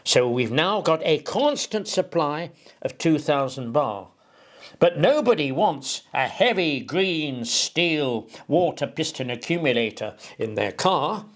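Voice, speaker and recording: Man, informal explainer; unhurried, very lively intonation, digressive and emphatic. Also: fairly high pitch. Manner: rambling, digressive, with homely analogies. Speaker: presenter explaining an engineering idea.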